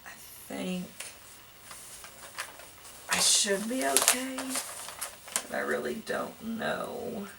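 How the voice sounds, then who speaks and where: Woman vlogger, unhurried self-mocking chatter, animated pitch. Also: vocal fry. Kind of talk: casual chat while wrapping gifts. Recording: distant mic with background noise.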